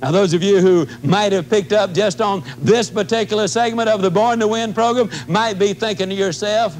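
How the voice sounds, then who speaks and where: High-pitched, animated motivational speaker man. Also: normal speed, soft background music. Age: 50s. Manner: folksy, animated storytelling. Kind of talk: motivational talk.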